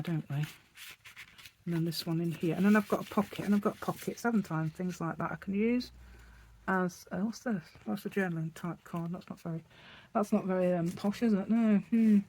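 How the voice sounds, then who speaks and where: A woman's voice: mid-range voice, breathy edge. A middle-aged woman chatting casually through a craft tutorial at her desk, rambling and laughing often. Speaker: craft channel host.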